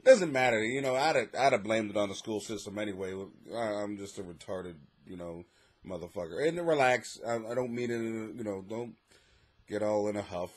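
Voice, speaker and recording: An American man hosting a casual comic podcast from his basement, rambling and swearing, laughing often and swinging between mutters and near-shouts. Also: fairly low pitch, moderate pace. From United States. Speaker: podcast host, struggling comic. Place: home basement.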